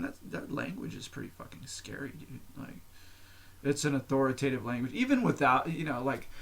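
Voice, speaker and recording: An American podcast host talks alone in an unscripted casual monologue, his medium-pitched voice a bit bright. He rambles, restarts sentences, swears freely and laughs at his own asides.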